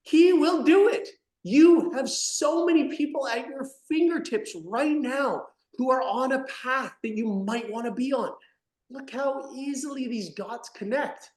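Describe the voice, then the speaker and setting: A man talking as a guest in an interview, animated and emphatic, swinging between loud bursts and soft asides. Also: very high-pitched, a little slow, roomy sound. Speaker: podcast guest, company founder. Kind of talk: energetic interview talk.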